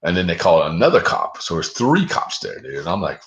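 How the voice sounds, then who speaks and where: A man with a very low voice and a forceful, bright edge tells a long personal story. He talks loosely and profanely, filling his talk with 'dude' and 'like'. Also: sing-song, brisk. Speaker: guest. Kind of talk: casual storytelling.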